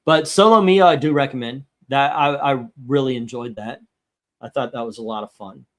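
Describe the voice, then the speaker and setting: A man's voice: medium pitch, normal speed. A man hosting a casual talk show, chatting loosely with frequent restarts and swearing. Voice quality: rambling, profane, with restarts. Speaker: host. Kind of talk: casual chat.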